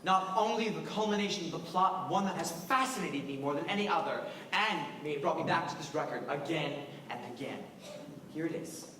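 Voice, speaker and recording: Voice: medium pitch, animated, a little fast, pushed and bright. Brief: student as a wistful middle-aged fan in a chair, rambling stage asides, distant echoey hall, hiss. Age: teens. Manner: rambling, confiding asides to the audience. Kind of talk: stage musical monologue. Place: school auditorium stage. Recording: echoey hall taped from far off, noisy.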